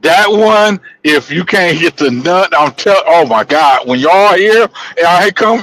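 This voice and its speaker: Animated man with a higher voice. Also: unhurried, hardly any pauses, no echo, low-quality recording. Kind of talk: casual podcast chat.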